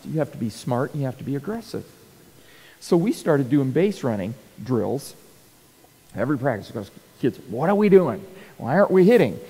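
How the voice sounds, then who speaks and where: A man's voice: mid-range voice, creaky, husky. A middle-aged man giving a teaching talk for church leaders, telling stories and acting out quotes and sound effects. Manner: animated storyteller, acts out quotes and sound effects. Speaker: speaker coaching church leaders. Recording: long hall reverb.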